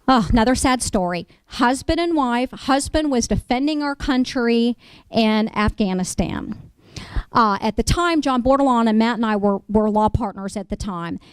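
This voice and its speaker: A woman's voice: a little high, moderate pace, smooth, no echo. Emphatic middle-aged woman lecturing. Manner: emphatic, keeps checking in with "okay?". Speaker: real estate attorney giving a seminar. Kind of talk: storytelling lecture to an audience.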